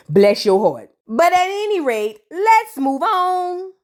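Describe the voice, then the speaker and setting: A woman with a bright, high voice runs through a reality TV episode in a loose, comedic recap. She is sassy and chatty, slipping into the voices of the people she quotes as she tells it. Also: very animated, slow. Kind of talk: casual comedic recap commentary.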